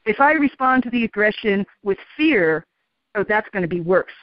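A woman telling a story as an interview guest, calm and animated, often laughing. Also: mid-range voice, normal speed, no room sound. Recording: dull, dry radio sound.

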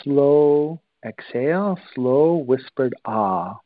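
A man guiding listeners through a breathing exercise, calm and instructive, with long pauses. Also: medium pitch, no echo, narrow, tinny audio. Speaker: breathing teacher.

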